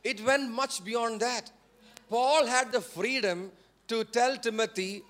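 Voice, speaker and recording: A male pastor with an Indian English accent preaching a sermon, repeating phrases and prompting the congregation to say words back, rising to forceful emphasis. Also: extremely high pitch, slow pace. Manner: repetitive, call-and-response preaching.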